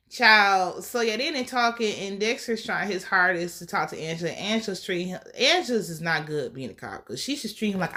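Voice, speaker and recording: A woman's voice: mid-range voice, animated, a little fast, hardly any pauses, bright, forceful tone. A woman recapping a TV episode in a sassy, profane, casual way, acting out the characters' lines as she goes. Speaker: TV show reviewer.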